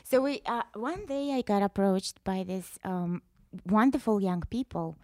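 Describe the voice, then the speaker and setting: A woman's voice: mid-range voice, measured pace, no room sound, studio quality. A woman from Russia, a guest telling brash, profane stories in a casual podcast interview. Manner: brash, profane, animated storytelling.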